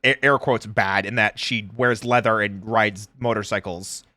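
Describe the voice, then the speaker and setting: A man hosting a live stream, chatting casually while reacting to a video, animated and quick to laugh. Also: lowish voice, no echo, studio quality. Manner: animated, laughs easily, says "like" often. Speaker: streamer host.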